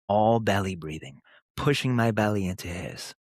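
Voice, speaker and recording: Male podcast host, thirties, low voice, earnest and emphatic, dry close sound. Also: no echo. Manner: earnest, emphatic, with pauses and short punchy phrases. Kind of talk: motivational podcast monologue.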